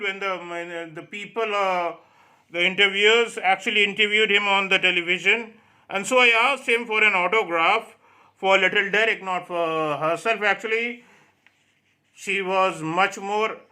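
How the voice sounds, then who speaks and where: A man's voice: sits high, bright, forceful tone. A male English teacher explaining a story to his students, reading lines aloud and then restating them in plain words, with many fillers.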